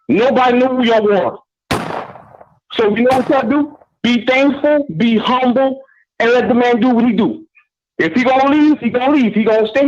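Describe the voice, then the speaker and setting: A man's voice: very high-pitched, slight background noise. A male caller on a call-in show, teasing and laid-back in casual chat, often saying "you know what I'm saying". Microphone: phone. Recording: muffled phone line.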